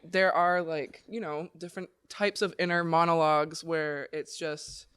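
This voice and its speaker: A woman's voice: low voice, steady tone, a little slow, fairly bright tone, smooth, no room sound, studio quality. A woman co-hosting a podcast in casual chat, talking loosely and trailing off mid-sentence. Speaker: podcast co-host.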